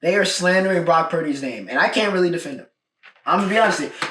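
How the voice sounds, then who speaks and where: A man's voice: fairly high pitch, animated, fast, a bit bright. Casual man recapping football, echoey room. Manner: casual, emphatic, repeats points with "all right?". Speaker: podcast host. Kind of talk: solo sports recap podcast. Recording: echoey room, mic at a distance.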